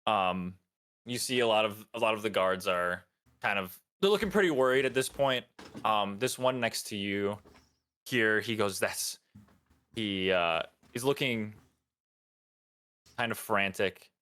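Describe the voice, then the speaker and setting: A man with a low, bright voice narrates as dungeon master of a tabletop game. He talks haltingly, with frequent ums and restarts, and slips into character voices along the way. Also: clear, resonant tone. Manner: hesitant, lots of ums, voices characters in passing.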